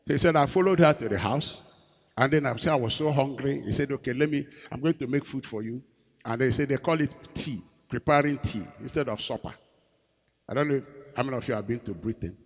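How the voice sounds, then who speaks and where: A husky-voiced male pastor preaches in a rhythmic call-and-response style, leaving blanks for the congregation to fill in. His voice swings between loud and soft, and it rings out in a large echoey hall. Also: mid-range voice. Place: church.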